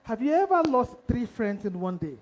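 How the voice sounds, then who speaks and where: A man's voice: very high-pitched, big pitch swings, moderate pace, poor audio. A man, an investigative journalist, telling a dramatic story on stage to a live audience and asking them questions directly.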